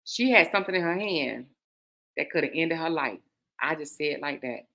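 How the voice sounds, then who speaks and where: A woman host, casually telling a personal story in a candid, emphatic way, moving between hushed asides and loud stresses. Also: deep voice, lively intonation, normal speed, creaky.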